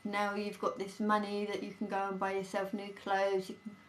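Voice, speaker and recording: A woman's voice: mid-range voice, completely flat delivery, a little fast. A woman talking earnestly and reassuringly in a casual two-person chat, with many fillers. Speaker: co-host.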